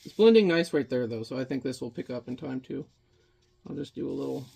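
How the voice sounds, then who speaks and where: A man's voice: medium pitch, animated, brisk, creaky, dark tone, breathy edge. A man chatting casually while he paints in watercolor, rambling and muttering to himself as he works.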